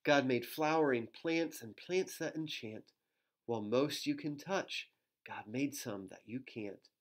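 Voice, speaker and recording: A male pastor reads a rhyming children's book aloud in an easy, mid-pitched voice. He slips into playful asides for young listeners and joins in with animal noises. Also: a little slow. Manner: gentle storytelling with playful asides and animal sounds.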